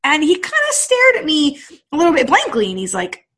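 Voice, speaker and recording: A middle-aged woman, a podcast host and fitness coach, telling a personal story in an animated way and acting out the dialogue. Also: high voice, a little fast. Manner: animated, acts out quoted dialogue.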